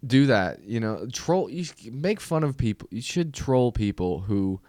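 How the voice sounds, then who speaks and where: A man's voice: mid-range voice, very animated, unhurried, a little mellow, no echo, studio quality. A man hosting a comedy podcast, ranting in a casual, exasperated and profane way that rambles along.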